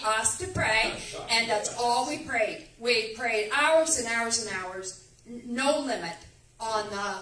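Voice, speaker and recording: A woman's voice: on the high side, fairly bright tone. A woman giving a rambling, emphatic testimony in church. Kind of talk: animated testimony storytelling. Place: church sanctuary. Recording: echoey church room, distant mic.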